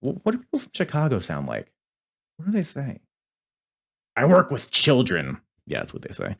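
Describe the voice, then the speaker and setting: A man's voice: mid-range voice, wildly swooping pitch, fast, creaky, a little mellow, husky. Rambling, profane male podcast host. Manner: rambling, profane, self-interrupting. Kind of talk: casual review chat.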